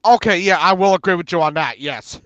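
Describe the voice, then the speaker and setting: Animated man telling wrestling stories. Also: sits high, brisk, lo-fi sound. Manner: animated storyteller, acts out quotes, laughs often. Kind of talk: casual chat.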